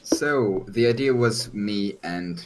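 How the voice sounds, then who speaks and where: A man's voice: on the low side, slow pace, background noise. A man playing a tabletop game with friends, drawling, hesitant and teasing. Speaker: player.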